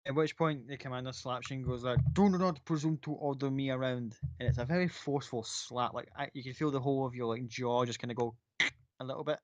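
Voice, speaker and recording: A man's voice: mid-range voice, steady tone, fast talker, no room sound, muffled recording. A man running a tabletop role-playing game as game master, narrating casually and descriptively. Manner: casual, descriptive, full of "like" and "kinda".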